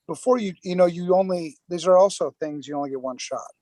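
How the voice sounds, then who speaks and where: A man with a slightly high voice on a casual podcast, speaking haltingly with fillers and restarts. The sound is close and dry. He works his way through points one phrase at a time. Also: mellow, no echo. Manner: halting, repeats himself, many fillers. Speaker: podcast co-host.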